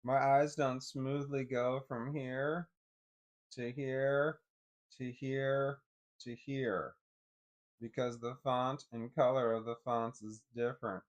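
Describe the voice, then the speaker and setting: A man on a live stream, thinking aloud in a halting way, often repeating words as he works through what he sees. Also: medium pitch, little pitch movement, muffled recording.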